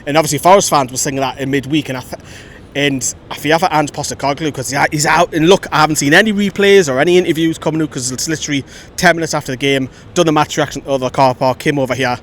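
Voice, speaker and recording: Fan-channel host, slightly high voice, opinionated chat outdoors with faint traffic behind. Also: male voice, fast. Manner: chatty, opinionated, lively storytelling. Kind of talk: outdoor post-match fan reaction. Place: outdoors by a road after a match. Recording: faint traffic rumble outside.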